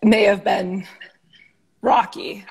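A woman hosts a casual interview over a video call and puts friendly, teasing questions to her guest. Her voice is a little husky. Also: mid-range voice, level tone, slow. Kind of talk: casual chat.

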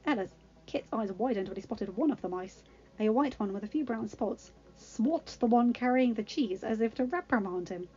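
A woman's voice: fairly high pitch, lively intonation, normal speed, warm tone, muffled recording. A woman reading a fan-written story aloud, narrating plainly and sometimes correcting herself. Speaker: reader.

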